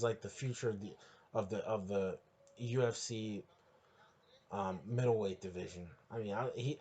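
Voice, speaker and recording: Husky guy on his own podcast, ranting and cussing, rambling and getting louder and louder. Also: medium pitch. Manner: crude, heated, rambling with restarts and crescendos into shouting. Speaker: podcast host. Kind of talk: profane solo rant.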